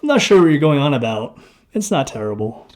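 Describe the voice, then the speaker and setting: A man's voice: on the high side, very animated, fast. A man reading the lines of a playful young boyfriend in a story, lightly teasing.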